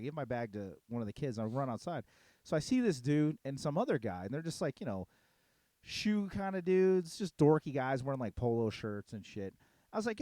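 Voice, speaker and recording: A middle-aged man telling a story in a casual podcast chat, heated and profane. His voice is dark and mellow, and his pitch swings a lot. He talks quickly in a dry, close room. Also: big pitch swings, no room sound. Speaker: podcast co-host.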